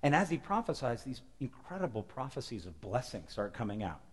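A male pastor preaching a lively storytelling sermon, moving between loud emphasis and hushed moments. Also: medium pitch, a little fast, breathy edge. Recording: long hall reverb.

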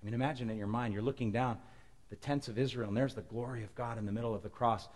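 A male pastor preaching a lively storytelling sermon, moving between loud emphasis and hushed moments. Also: mid-range voice, quick pace. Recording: long hall reverb.

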